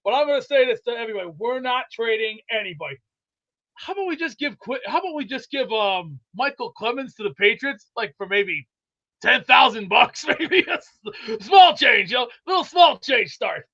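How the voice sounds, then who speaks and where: High, bright, boastful rambling man. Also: expressive, moderate pace. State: out of breath from exercise. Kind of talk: rambling comedic sports chat. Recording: dull lo-fi sound.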